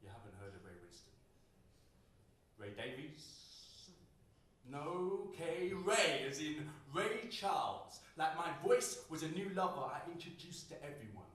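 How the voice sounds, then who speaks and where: At a live poetry night in a roomy indoor venue, a young British man performs spoken word with rhythm, dry humor and shifting emphasis. His voice is on the high side, a bit bright and a little slow, with big pitch swings. The mic is far off in a very echoey room, with a little hiss or hum.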